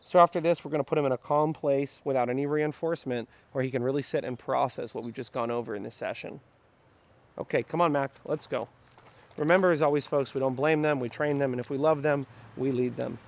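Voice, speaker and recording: A man's voice: mid-range voice, fairly even intonation, fast, gravelly, hardly any pauses. A man working as a dog trainer, explaining a training session in an upbeat, explanatory way and talking to the dog as he goes. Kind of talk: instructional training vlog.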